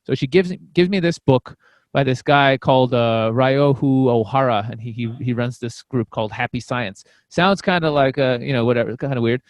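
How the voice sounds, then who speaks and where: A comedian on a podcast telling a story in a casual, rambling way, full of fillers and restarts. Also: male voice, mid-range voice, normal speed, dry recording. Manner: acts out quoted voices.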